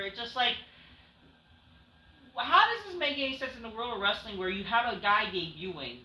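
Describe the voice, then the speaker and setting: A man's voice: sits high, lively intonation, moderate pace, long pauses, bright, forceful tone. A man reviewing a wrestling show in a rambling, sarcastic, profane casual recap. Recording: echoey room, faint noise.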